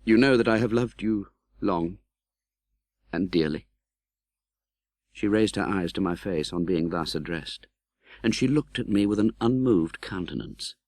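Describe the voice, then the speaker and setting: Expressive male audiobook narrator. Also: low voice, no echo. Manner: expressive, dramatic, voices the hero's pleas. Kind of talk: scripted narration.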